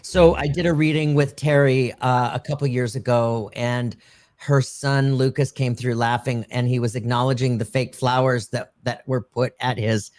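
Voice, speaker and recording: A man hosting a live psychic reading, gentle and affectionate, often laughing and restarting his sentences. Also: mid-range voice, fairly even intonation, moderate pace. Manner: gentle, affectionate, calls the viewer darling and my dear. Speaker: psychic medium host.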